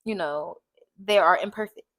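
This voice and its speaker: A woman with a lowish, fairly bright voice co-hosts a podcast at a normal speed. She chats casually, laughs easily, and earnestly steers the topic back on track.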